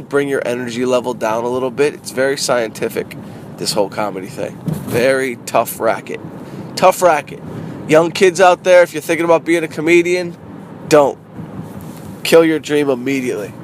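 A middle-aged man, a comedian, talking casually in a car in a rambling, animated way that repeats phrases. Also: medium pitch. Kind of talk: casual car vlog monologue. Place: inside a parked car. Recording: noisy street ambience.

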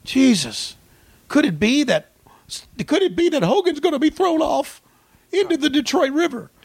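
Gravelly man doing profane mock commentary. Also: moderate pace, no echo. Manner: swings from low mumbling to yelled excitement. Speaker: podcast co-host.

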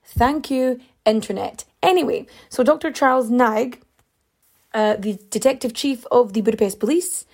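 A woman's voice: a little high, normal speed, a little mellow. Chatty woman telling a crime tale. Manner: chatty, rambling, lots of fillers and asides. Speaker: storyteller. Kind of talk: casual true crime storytelling.

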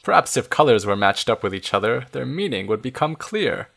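Man doing a calm, wise talking owl. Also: mid-range voice, brisk, gravelly, full character voice. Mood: thoughtful.

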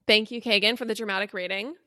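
A woman's voice: medium pitch, steady tone, fast talker, pushed and bright, dry recording, studio quality. A young woman co-hosting a podcast, telling a gossip story with playful teasing and theatrical emphasis. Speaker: podcast co-host. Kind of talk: casual chat, storytelling gossip.

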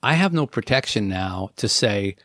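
A man's voice: lowish voice, lively intonation, moderate pace, fairly bright tone, no echo, clean studio sound. A man hosting a talk show on air, speaking earnestly and acting out inner voices as he lists points. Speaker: radio talk show host.

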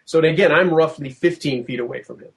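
A middle-aged man telling a long first-hand story in a podcast interview, vivid and animated, acting out what people said. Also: a little high, a little fast, creaky. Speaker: podcast guest.

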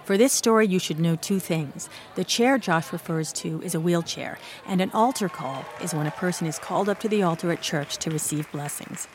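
A woman radio host reading scripted, measured introductions between stories. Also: fairly low pitch, slight background noise. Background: music bed.

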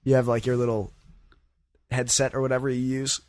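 A man co-hosting a casual podcast chat, with a nasal voice and a joking, animated way of telling stories. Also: medium pitch, fairly quick, a little hiss or hum. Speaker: co-host.

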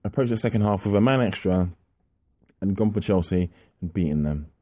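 Frustrated male pundit, mellow low voice, dry sound. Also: animated, brisk, no echo. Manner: frustrated, repetitive. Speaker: podcast pundit. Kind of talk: ranting monologue.

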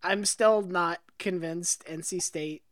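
A woman co-hosting a casual sports chat, breaking in with quick jokes. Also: lowish voice, no room sound, clean studio sound. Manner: quick, joking interjections. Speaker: podcast co-host.

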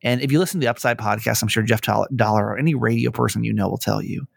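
A man's voice: on the low side, fast, gravelly, slightly rough, dry recording. A young man who hosts radio and a podcast, telling stories in casual chat, acting out quotes and swearing often. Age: young adult. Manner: animated storytelling, acting out quotes, frequent swearing.

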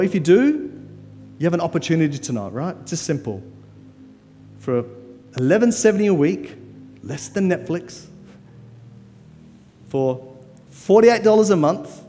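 A man delivering a guest sermon in a church, casual and emphatic, often pushing his voice high on key words. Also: a little mellow. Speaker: guest preacher. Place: church hall. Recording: long church-hall reverb, faint music.

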